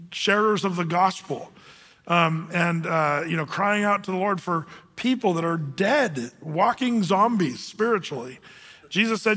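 A man's voice: high-pitched, bright, forceful tone. A middle-aged male pastor giving a casual Bible teaching, talking conversationally with fillers and restarts. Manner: conversational, many fillers and restarts, acts out scripture quotes. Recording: long hall reverb.

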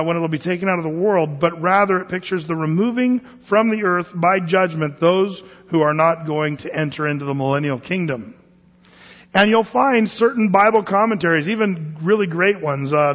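High-voiced man preaching a conversational sermon. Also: a bit bright, big-room sound, dull audio. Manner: conversational Bible teaching with asides and restarts. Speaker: pastor.

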